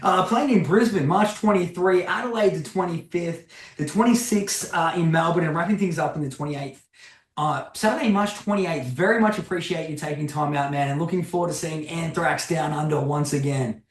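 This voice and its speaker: A man's voice: a little high, normal speed. Interviewer man in an echoey room. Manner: friendly sign-off, reading out dates. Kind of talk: interview wrap-up.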